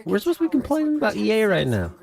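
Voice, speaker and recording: Gravelly American man hosting a podcast. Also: sits high, wildly swooping pitch, racing, a little mellow. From United States. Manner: jokey, rambling, laughs often. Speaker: podcast host. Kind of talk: casual podcast chat.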